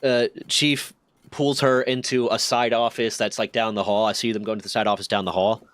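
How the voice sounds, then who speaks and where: A man streaming, telling a long story in a casual, animated and profane way. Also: moderate pace, no room sound. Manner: profane, animated, shifts pitch a lot.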